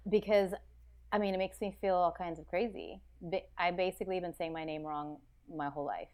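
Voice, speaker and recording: Speaking fairly quickly in a fairly low voice, a woman from the United States appears as a podcast guest. Her casual interview talk is reflective and animated, peppered with "like" and frequent restarts.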